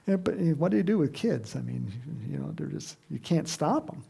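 Male pastor, lively sermon delivery, raspy fry in the voice, acts out scenes. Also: on the high side, brisk, hardly any pauses. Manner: lively, acts out quoted voices with sudden loud cries and laughs.

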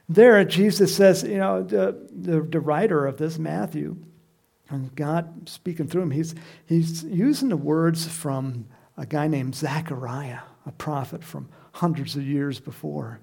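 A man preaching a sermon, animated, who acts out the crowd's shouts and reads scripture aloud. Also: fairly high pitch, takes it slowly, creaky, slightly rough. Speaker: pastor.

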